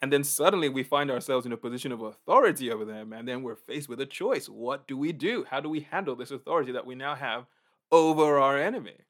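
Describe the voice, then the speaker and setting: A man preaching a casual, conversational sermon in an animated way, often acting out reactions. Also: mid-range voice, fast.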